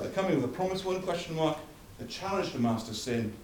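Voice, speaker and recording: A man's voice: medium pitch, lively intonation, brisk, hardly any pauses, a little mellow, a little hiss or hum. A man preaching a sermon, emphatic and building through repeated phrases, recorded from a distance in a church hall. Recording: echoey hall from far off.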